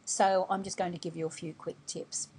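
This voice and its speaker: A woman's voice: on the low side, level tone, normal speed, a little mellow, slight background noise. A woman hosting a travel website, explaining travel tips patiently and step by step in an instructional voice-over. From Australia.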